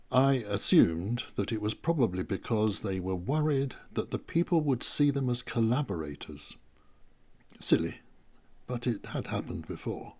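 A man narrating a first-person story in a measured, reflective way. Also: fairly low pitch, gravelly, a little mellow, slightly rough.

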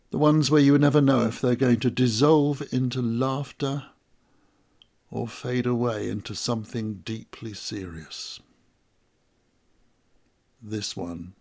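Male storyteller, slow and gravelly, intimate confessional monologue. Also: medium pitch, darkish tone. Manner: slow, reflective and intimate, rising to emotional outbursts. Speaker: narrator. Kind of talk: first-person dramatic monologue.

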